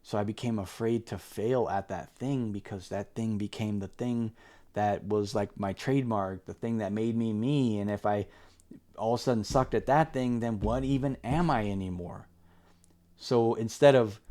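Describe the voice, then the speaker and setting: With a mellow, lowish voice at a moderate pace, the man delivers a candid, casual book review. It's rambling and filled with fillers and restarts, shifting to an earnest, emphatic tone when he urges viewers.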